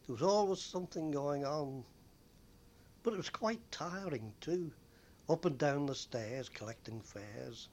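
Old guy rambling about his bus conductor days, lots of uhs, faint rumble behind. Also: darkish tone. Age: older. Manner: rambling, with frequent pauses and fillers. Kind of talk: oral history reminiscence.

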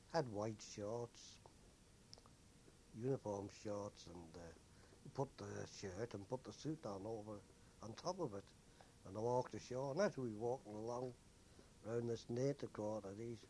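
Older man, former seaman, mid-pitched voice, unhurried anecdotal recollection. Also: mellow, a little hiss or hum. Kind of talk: oral history recollection.

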